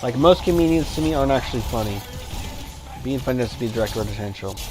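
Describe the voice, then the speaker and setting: A man's voice: mid-range voice, animated, quick pace, noisy background. A man livestreaming a game, chatting casually and rambling between reactions to the play. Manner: rambling, many fillers and restarts, reacts to gameplay. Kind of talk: casual chat while gaming.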